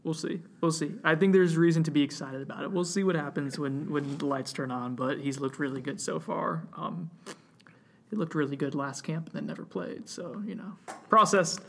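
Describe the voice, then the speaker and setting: Higher-voiced man hosting a sports podcast. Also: fairly even intonation, normal speed, vocal fry, fairly bright tone. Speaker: podcast host reading listener questions. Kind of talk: casual sports podcast chat.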